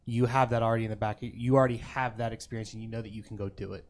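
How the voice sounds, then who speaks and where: A man's voice: lowish voice, fairly even intonation, very fast. A man co-hosting a faith talk show, earnestly explaining his views on leadership.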